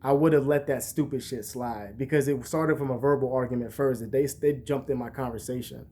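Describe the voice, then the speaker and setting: A young man vlogging, talking in a casual, profane, rambling way and telling stories with animated bursts. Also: mid-range voice, a little fast. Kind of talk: casual monologue to camera.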